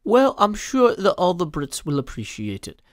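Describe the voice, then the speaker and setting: A man's voice: high-pitched, huge pitch swings, moderate pace, no room sound, clean studio sound, pitched above the performer's own voice. A man doing an impression of a fellow male player in an exaggerated, refined British received-pronunciation accent. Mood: obliging. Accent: put-on British received pronunciation. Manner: exaggerated, refined put-on delivery.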